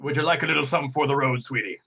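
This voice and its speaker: A huge, warm-hearted orc barkeep fusses over his guests with pet names like dearie and lassie, voiced by a man in a tabletop game. His voice is husky, and the sound is a bit muffled. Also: medium pitch, racing, pitched above the performer's own voice. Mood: doting. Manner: affectionate, calls people dearie and lassie.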